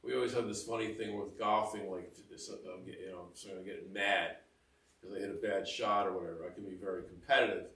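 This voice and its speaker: A man's voice: deep voice, fairly even intonation, fast, gravelly, fairly bright tone. Middle-aged male homilist, loose and self-mocking, a little off-mic in a roomy church. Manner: chatty, self-mocking, full of asides and laughter. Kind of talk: conversational homily. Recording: roomy echo, mic heard from a distance.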